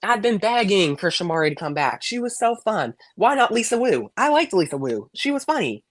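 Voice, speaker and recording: A caller on a live stream chats casually as a call-in guest, gossiping and cracking sassy, emphatic jokes. His high voice is very animated, fairly quick and fairly bright in tone, and the recording is dry.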